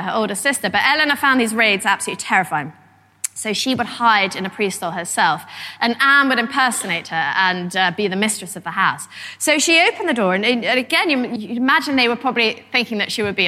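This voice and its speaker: A woman historian giving a lively public lecture, telling stories with animation. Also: fairly high pitch, fairly quick. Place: lecture hall. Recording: reverberant lecture hall.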